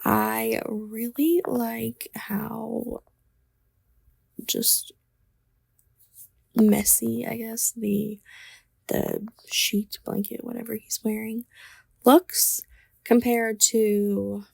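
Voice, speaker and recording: A woman's voice: fairly high pitch, level tone, extremely slow, creaky, pauses often, a little mellow, slightly rough, no room sound, studio quality. A young woman vlogger telling a story in a casual, chatty way while she sketches, often laughing and sometimes dropping to a whisper. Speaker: artist vlogger.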